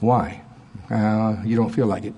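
A man preaching a sermon in church, swinging between loud emphatic lines and quiet asides. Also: fairly low pitch, steady tone, a little slow, slightly rough.

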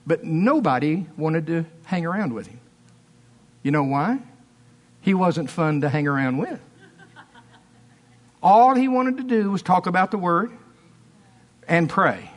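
Male preacher, higher register, animated storyteller who voices his characters. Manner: animated storytelling, acting out quotes. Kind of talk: sermon.

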